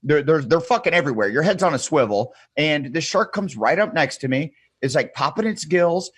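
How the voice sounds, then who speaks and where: Podcast guest, male, lively yarn-spinner who quotes people in their voices; dry, close sound. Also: a little high, fairly quick, husky, no echo. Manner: animated storyteller, acts out quotes, swears freely, laughs often. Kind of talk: casual storytelling chat.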